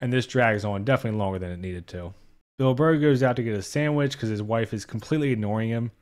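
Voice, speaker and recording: A man's voice: mid-range voice, quick pace, darkish tone. A young man giving a casual spoken movie review, blunt and profane, openly exasperated.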